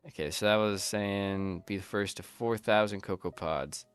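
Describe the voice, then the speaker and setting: Deep, smooth-voiced man thinking aloud. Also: moderate pace, faint music behind. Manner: rambling, thinks aloud while playing. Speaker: gameplay commentator. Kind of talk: casual let's-play commentary.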